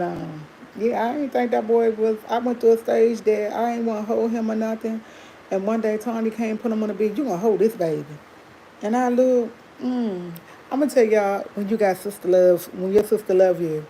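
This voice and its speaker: A woman hosts a livestream, chatting candidly with her viewers and laughing often as she tells a personal story. Her mid-range voice has a dark tone, and the rough recording carries slight background noise.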